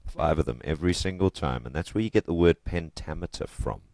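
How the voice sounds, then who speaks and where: A man's voice: very deep voice, expressive, fairly quick, creaky, a little mellow, no room sound, clean studio sound. A man teaching literature in a casual video lesson, chatty and joking, leaning hard on stressed words.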